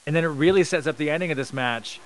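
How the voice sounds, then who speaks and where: A man co-hosting a wrestling podcast in casual chat, upbeat and jokey with quick asides. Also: a little high, a little hiss or hum, rough recording. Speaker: podcast co-host.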